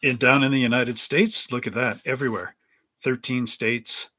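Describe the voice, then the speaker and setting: A man's voice: medium pitch, fairly even intonation, moderate pace, pushed and bright. A man hosting a live stream from his hobby shop, chatting casually and rambling as he reads the chat aloud. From Canada. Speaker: livestream host and hobby shop owner.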